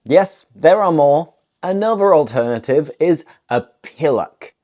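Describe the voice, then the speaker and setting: This is a scripted language lesson delivered to camera by a British woman covering English slang. She speaks easily and without hurry in a low, mellow tone, bringing playful explanations and a bouncy melody to the example phrases.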